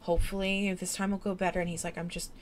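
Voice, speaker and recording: A woman's voice: medium pitch, little pitch movement, fast, a little hiss or hum. A tired woman streamer chatting late at night, rambling and giggly with lots of fillers. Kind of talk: late-night casual chat.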